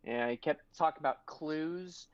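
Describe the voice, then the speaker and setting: A man's voice: a little high, normal speed, smooth, no echo, highs cut off. A man playing a tabletop game, rambling hesitantly with many fillers. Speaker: player. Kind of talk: casual tabletop role-play.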